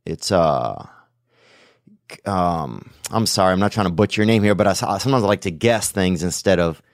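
A man's voice: low-pitched, animated, normal speed, no echo, studio quality. A man hosting a podcast, chatting casually and joking with a caller, rambling and swearing freely. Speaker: podcast host taking calls. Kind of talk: casual chat.

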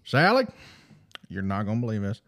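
A man's voice: lowish voice, wildly swooping pitch, normal speed, fairly bright tone, full character voice. A man doing a drawling Mississippi fisherman, Bobby. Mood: stunned. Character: Southern country fisherman husband, abducted.

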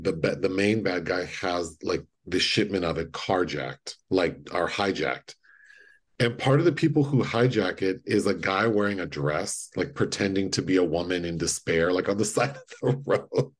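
Husky man retelling a movie. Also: low-pitched. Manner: animated storytelling, acting out movie lines. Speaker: podcast co-host. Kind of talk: casual chat.

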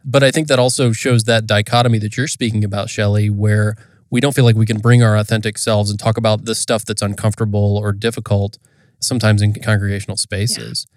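A man co-hosting a conversation, speaking in a thoughtful, measured and reflective way. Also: fairly low pitch, little pitch movement, no room sound, studio quality. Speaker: podcast co-host. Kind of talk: casual conversation.

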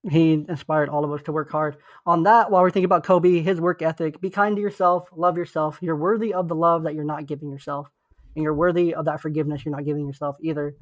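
Young man, podcast co-host, slightly high voice, earnest and encouraging, dry close sound. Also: fairly even intonation, quick pace, no echo, lo-fi sound. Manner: earnest, encouraging, loose and chatty. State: sick with flu. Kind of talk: casual podcast chat.

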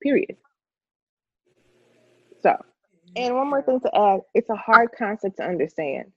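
A woman's voice: on the high side, animated, measured pace, a bit bright, breathy edge, no echo, muffled recording. A woman co-hosting a faith podcast, talking casually with preacherly emphasis. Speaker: podcast co-host.

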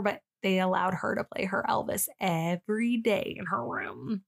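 A woman's voice: mid-range voice, brisk, gravelly, few pauses. A young woman co-hosting a casual podcast, chatty and emotional, swearing freely as she tells a personal story. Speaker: podcast co-host. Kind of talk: casual chat.

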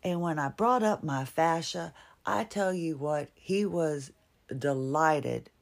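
A woman's voice: sits low, takes it slowly, gravelly. A middle-aged woman from Virginia with a Virginian accent, talking casually and wryly on her own podcast. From Virginia, USA. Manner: chatty, wry, laughs at herself. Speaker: podcast host. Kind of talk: casual monologue.

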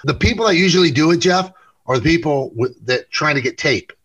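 Brief: middle-aged man, New York accent, slightly high, bright voice, loose anecdotal talk with restarts. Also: expressive, husky, highs cut off. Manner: storytelling, quick self-corrections, repeats words. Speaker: sportscaster and interview show host, guest here. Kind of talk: casual interview conversation.

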